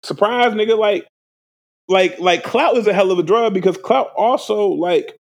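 A man's voice: sits high, normal speed. A man co-hosting a casual podcast, rambling in slang with lots of restarts. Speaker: podcast co-host. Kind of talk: casual chat.

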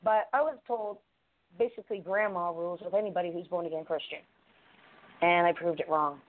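A woman's voice: fairly low pitch, steady tone, a little fast. A woman co-hosting a podcast, talking in a blunt, profane, rambling way. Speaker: podcast co-host. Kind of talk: casual podcast chat. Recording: tinny phone-line call-in audio.

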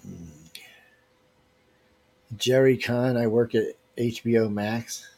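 Hosting an informal livestream giveaway, a man reads out viewers' emails and teases them with loose slang. He takes it slowly, his mid-range voice creaky and dark with fairly even intonation.

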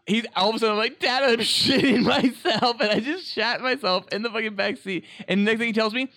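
Podcast co-host, young man, lively storyteller, bright and a bit high, dry sound. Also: fast, no echo. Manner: animated storytelling, acts out voices; swears a lot, laughs while telling. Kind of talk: casual chat.

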